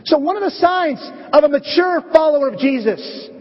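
A man preaching a sermon as pastor, animated and acting out bits of dialogue in different voices. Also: very high-pitched, moderate pace. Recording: echoey dull hall recording.

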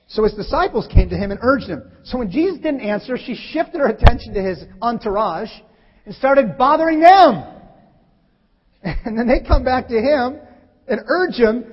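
A male preacher giving a lively sermon, acting out scripture lines with sudden loud bursts. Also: extremely high pitch, moderate pace, breathy edge. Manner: animated, acts out scripture quotes with sudden loud shifts. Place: church hall. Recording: muffled hall recording.

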